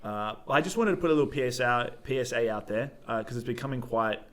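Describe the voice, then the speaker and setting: A man's voice: medium pitch, fast talker. A young man, co-hosting a podcast in casual, jokey, rambling chat. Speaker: podcast co-host.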